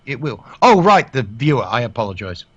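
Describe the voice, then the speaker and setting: A man's voice: medium pitch, very animated, fairly quick, slightly rough, highs cut off. A man with an English accent co-hosting a comedic webcam stream, bantering in a dry, mock-formal way. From England. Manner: mock-formal, dry banter, keeps addressing his co-host by name. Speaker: co-host of a webcam stream show. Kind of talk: casual comedic stream chat. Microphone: webcam microphone.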